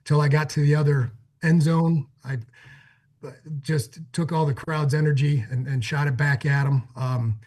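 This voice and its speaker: A middle-aged man from Cleveland, a former pro football player, telling an animated story as a guest on a talk show. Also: a little high, measured pace. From Cleveland, Ohio, USA. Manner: energetic, acts out quoted exchanges.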